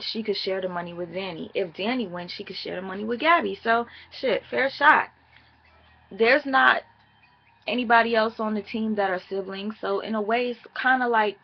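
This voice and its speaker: A woman's voice: medium pitch, muffled recording. A woman chatting casually and profanely as she recaps a reality show for her viewers.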